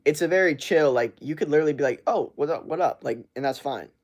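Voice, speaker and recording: A man's voice: fairly high pitch, fast talker. A young man streaming live, chatting loosely and swearing as he reads and answers chat messages. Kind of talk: casual live-stream chat reading comments.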